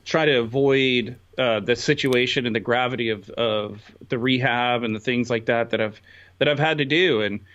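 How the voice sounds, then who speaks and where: A man chatting casually on a podcast in a relaxed, bro-ish way, with filler words like "uh" and "dude". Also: mid-range voice, normal speed, lo-fi sound. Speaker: podcast co-host.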